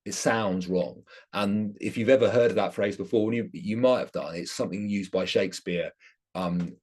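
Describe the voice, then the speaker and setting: A man's voice: fairly low pitch, moderate pace, a little mellow. A man giving an academic lecture, explaining his subject with enthusiasm.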